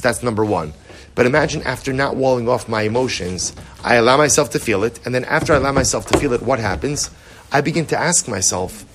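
A middle-aged man teaching a Torah class to his study group, animated and repetitive, often acting out inner voices. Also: mid-range voice, slightly rough. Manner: animated, repetitive, acts out inner voices, mixes Hebrew terms.

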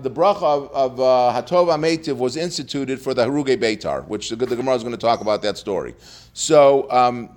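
Man teaching a Talmud class. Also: a little high. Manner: explains step by step, quoting Aramaic, many restarts.

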